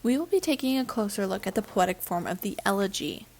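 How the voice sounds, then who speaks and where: A woman's voice: mid-range voice, lively intonation, fast. A woman reading a prepared lesson on poetry aloud, evenly and carefully. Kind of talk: read-aloud literature lesson.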